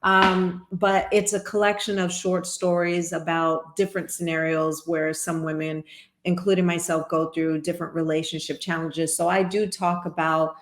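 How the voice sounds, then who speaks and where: A middle-aged woman with a lowish voice hosts a reaction video, musing aloud in casual, reflective commentary. Her voice carries a roomy echo, as if recorded in a bare room. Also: little pitch movement, normal speed. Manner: reflective, talks through thoughts with fillers.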